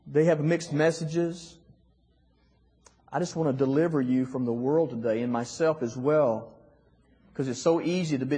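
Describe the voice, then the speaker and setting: A middle-aged man with a husky voice, telling a heartfelt personal story as a guest speaker, his voice dropping soft at emotional moments. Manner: emotional, voice dropping soft and rising high in quoted lines. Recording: long hall reverb.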